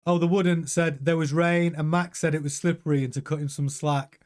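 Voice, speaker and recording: A chatty man with a slightly higher-than-usual voice talks casually through a live watch-along stream. He sounds excitable and often turns to answer viewers' messages. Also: fairly quick. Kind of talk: casual live race commentary.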